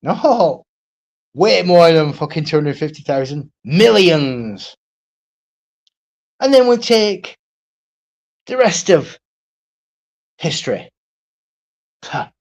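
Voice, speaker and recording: A man's voice: on the high side, big pitch swings, takes it slowly, pauses often, lo-fi sound. A man ranting on his own live stream, blunt and profane, repeating himself and asking "right?" again and again. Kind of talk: solo livestream rant.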